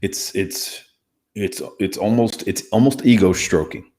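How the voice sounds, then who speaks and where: A man's voice: on the low side, unhurried, darkish tone. A man, a former hostage negotiator, explaining conversation techniques emphatically and acting out examples. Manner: emphatic, demonstrates techniques aloud. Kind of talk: teaching conversation skills.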